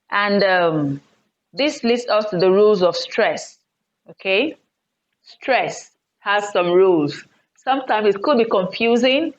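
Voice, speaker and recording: A woman teacher giving an online English lesson on word stress, patiently explaining rules and repeating example words loudly with raised pitch. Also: dull audio.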